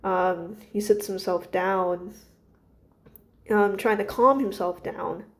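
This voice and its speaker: A woman casually rambling about her characters, hesitant and soft-spoken, with many fillers and restarts. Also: mid-range voice, steady tone, takes it slowly. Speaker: creator discussing her characters.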